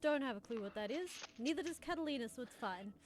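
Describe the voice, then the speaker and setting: A woman's voice: sits high, animated, quick pace, slight background noise. A woman playing a tabletop role-playing game online, chatting casually about her rolls. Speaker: player.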